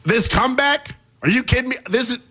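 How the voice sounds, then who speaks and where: A man hosting a basketball talk show, delivering an animated, exasperated commentary rant with plenty of emphasis. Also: very high-pitched, fairly quick. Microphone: earpiece in studio.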